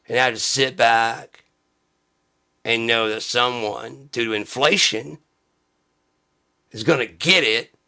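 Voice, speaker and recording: A male comedian rants in a satirical comedy bit, sarcastic and profane. His voice is bright and forward, with a middling pitch for a man. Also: measured pace, long pauses.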